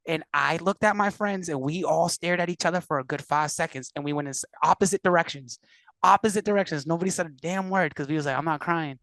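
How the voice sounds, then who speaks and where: Fairly high-pitched and creaky, a fast-talking man from Puerto Rico tells animated stories as a podcast guest, acting out quotes. He's a musician and producer, and the casual interview is recorded with no echo.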